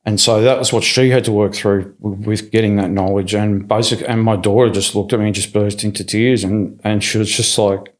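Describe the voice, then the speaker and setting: Animated man telling his story. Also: fairly low pitch, fairly quick, hardly any pauses. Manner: animated, acts out quoted voices, many restarts. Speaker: podcast guest. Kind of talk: casual conversational storytelling. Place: studio.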